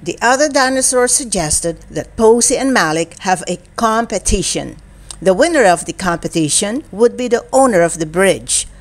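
A woman reading a children's picture book aloud in an expressive storytelling manner. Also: mid-range voice. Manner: slow, expressive and animated reading. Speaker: storybook reader.

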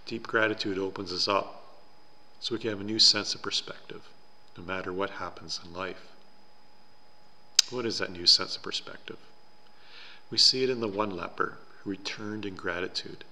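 A man preaching a sermon in a church, telling a story in an earnest, slow and deliberate way. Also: deep voice, steady tone, bright, forceful tone, in a large hall. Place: church sanctuary.

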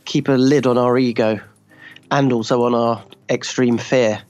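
A man's voice: mid-range voice, steady tone, measured pace, darkish tone, dull audio. A man, a guest trader on a podcast, talking casually in a reflective, self-deprecating way. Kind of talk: casual chat.

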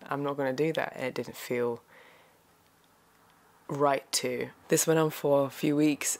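Woman vlogger, very low voice, halting and emotional delivery, sincere direct-to-camera thanks. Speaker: voice actor and YouTuber. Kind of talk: heartfelt thank-you vlog.

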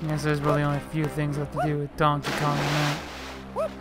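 A man's voice: a little high, completely flat delivery, a little fast, loud music behind the voice. A man giving casual let's-play commentary, chatting away, scolding the game characters and swearing mildly. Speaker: gameplay commentator.

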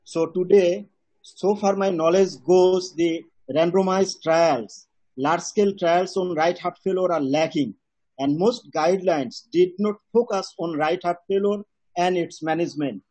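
A middle-aged man giving an academic cardiology lecture in a steady lecturing manner with some fillers. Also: high-pitched, unhurried, husky, low-quality recording. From Bangladesh.

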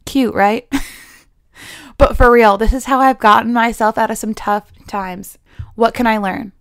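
A woman's voice: on the high side, steady tone, unhurried, fairly bright tone, clean tone, no room sound, studio quality. A woman yoga teacher hosting a podcast, giving a chatty spoken lesson, laughing often and slipping into playful quoted voices.

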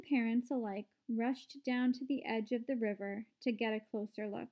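A woman narrating a children's book aloud in a steady, clear way. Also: a little high, moderate pace, hardly any pauses. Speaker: storyteller. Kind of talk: read-aloud storybook narration.

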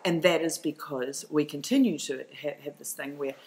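A woman's voice: low-pitched, moderate pace, a little mellow, low-quality recording. A middle-aged woman with a New Zealand accent, a documentary filmmaker speaking as a podcast guest, passionate and emphatic, often restarting her sentences. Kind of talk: podcast interview.

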